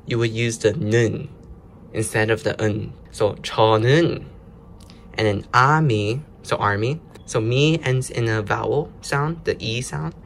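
Man, mid-pitch, casual lesson host, explains step by step, faint noise behind. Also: moderate pace, a bit bright. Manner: explains step by step, loose and chatty. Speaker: language learner host. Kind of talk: casual self-study lesson.

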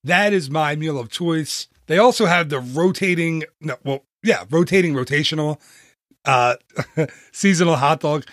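A man's voice: on the high side, normal speed, fairly bright tone, no echo, studio quality. A man hosting a podcast, talking casually in a chatty, upbeat, self-deprecating way. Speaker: podcast host. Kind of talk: casual solo podcast talk.

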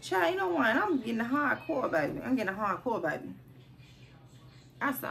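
A young woman chatting straight to her viewers in a casual storytime vlog. She has a bright, somewhat high voice and acts out every quote with big, animated swings. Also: normal speed, gravelly, pauses often. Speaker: vlogger.

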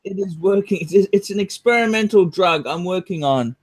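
A man's voice: sits high, animated, moderate pace, breathy edge. A man hosting a live stream, ranting and swearing angrily. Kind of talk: casual live-stream chat.

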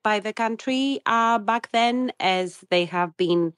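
A middle-aged woman, a caller asking a question on a live audio chat and pausing often with ums and uhs. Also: medium pitch, no room sound, clean studio sound. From Greece. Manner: hesitant, many ums and uhs.

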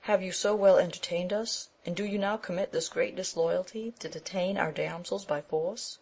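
A woman reading the lines of a proud young male knight, in an earnest, reproachful tone, in a gravelly voice. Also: on the low side, fairly even intonation, normal speed, darkish tone.

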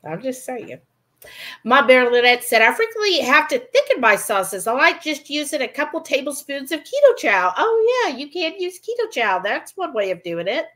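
A woman's voice: sits high, big pitch swings, moderate pace, bright, forceful tone. A woman hosting a cooking livestream, chatting casually and reading viewer comments aloud.

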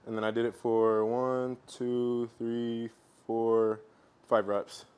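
A man chatting casually with friends between sets at the gym, low-key and relaxed. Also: slow, clean tone, dull audio. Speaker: training partner.

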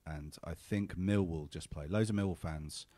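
A man from England co-hosting a podcast, telling animated anecdotes in casual chat. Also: deep voice, normal speed, no echo. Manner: animated anecdote-teller, acts out quoted voices. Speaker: podcast co-host.

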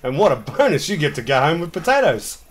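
Very animated and quick-talking, a New Zealand-accented man with a slightly high voice hosts a game stream. He jokes and rambles through casual commentary while chatting with viewers and his co-player.

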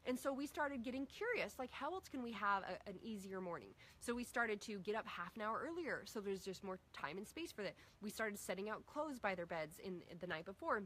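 A woman's voice: mid-range voice, fairly quick, hardly any pauses, a little hiss or hum. A middle-aged woman coaching a group on parenting, casually acting out talks with her kids. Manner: energetic, acts out dialogue with her kids.

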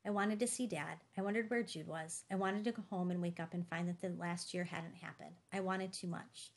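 Low, gravelly woman narrating a novel. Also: brisk. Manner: steady storytelling delivery. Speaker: audiobook narrator. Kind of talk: scripted first-person narration.

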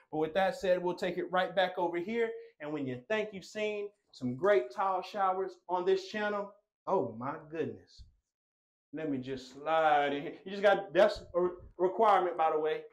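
A man's voice: sits high, darkish tone. A man hosting a walk-through home tour, talking in a playful, showman-like way and joking about himself. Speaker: tour host. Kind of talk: enthusiastic home tour presentation.

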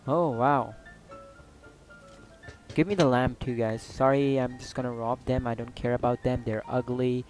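Excitable man narrating his gameplay. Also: mid-range voice, unhurried, pauses often, faint music behind, low-quality recording. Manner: excitable, loud outbursts, swears and jokes. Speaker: gaming YouTuber. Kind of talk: casual gameplay commentary.

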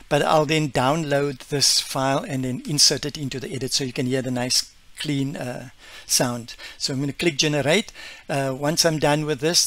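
A man casually walking viewers through a software demo, enthusiastic and chatty, with plenty of fillers. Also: mid-range voice. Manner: enthusiastic, explains step by step with many fillers. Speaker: tech vlogger.

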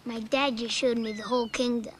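A woman voicing an eager, boastful young male lion cub who talks in an excited, bragging way. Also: fairly high pitch, fairly quick, a little hiss or hum, natural voice.

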